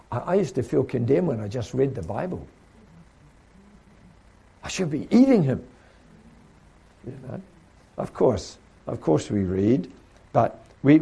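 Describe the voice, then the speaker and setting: A man preaches to trainees in a mellow, husky voice with plenty of gravel in it. His pitch sits a little high and swings widely as he asks question after question. Now and then he mimics other people mid-sermon.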